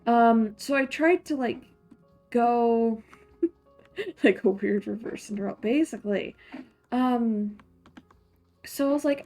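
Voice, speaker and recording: With faint music behind her, a young woman plays a farming game on stream, giggling and chatting casually in a put-on Scottish accent and muttering to herself at times. Her voice is fairly high with a darkish tone, slow and broken by long pauses.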